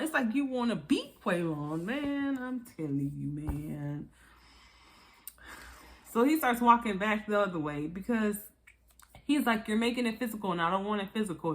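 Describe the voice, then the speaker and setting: A woman giving casual commentary on a reality show, chatty and animated, acting out quotes in high voices and often laughing. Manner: frequent laughter. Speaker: reality TV reviewer.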